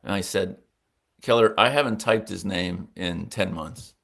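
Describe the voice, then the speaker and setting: A man's voice: sits low, unhurried, vocal fry, a bit bright. A man in his sixties, a veteran sportswriter, telling stories in a casual interview and acting out the voices of people he quotes.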